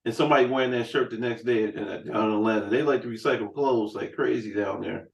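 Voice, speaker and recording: A man's voice: on the low side, fast, creaky, far from the mic, dull audio. A man hosting a podcast, telling loose, profane stories in a casual chat. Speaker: podcast host. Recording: roomy room sound, set back from the mic.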